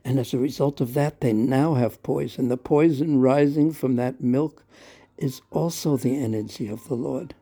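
A man playing a gentle, soothing mother. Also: mid-range voice, moderate pace, husky. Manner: soothing, explaining patiently. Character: gentle loving mother of the child.

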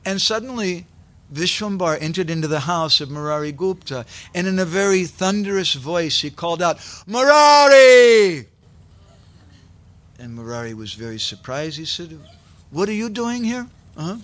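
A man preaching, telling a sacred story in an animated way and acting out its characters. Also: a little high, fairly quick. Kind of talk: sermon storytelling.

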